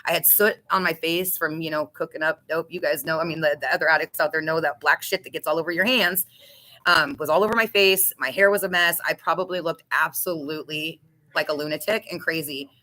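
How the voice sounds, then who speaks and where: Woman telling her recovery story, blunt and emotional, swears a lot, bright tense voice. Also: sits low, a little fast, low-quality recording. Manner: emotional, candid, with restarts and swearing. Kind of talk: personal testimony.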